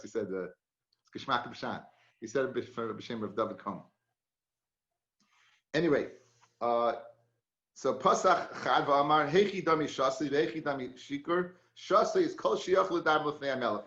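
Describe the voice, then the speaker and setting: Chatty rabbi teaching a Talmud class. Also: male voice, medium pitch, moderate pace, a bit bright, roomy sound, lo-fi sound. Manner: chatty, storytelling, mixes Hebrew and Yiddish terms.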